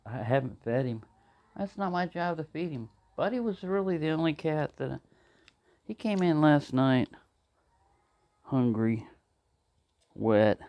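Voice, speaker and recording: Male vlogger, gravelly mid-range voice, loose self-talk with goofy asides. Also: medium pitch, dark tone. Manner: rambling, talks to himself and answers in silly voices. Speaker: outdoor cooking vlogger. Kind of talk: casual talk to camera while cooking.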